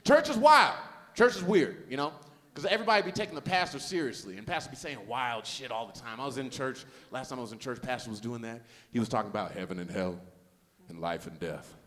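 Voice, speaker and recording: A man's voice: medium pitch, animated, fast talker, a bit bright, long reverb tail. A man from Los Angeles doing a stand-up comedy set on a festival stage, with loose, slangy, self-mocking storytelling. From Los Angeles, USA.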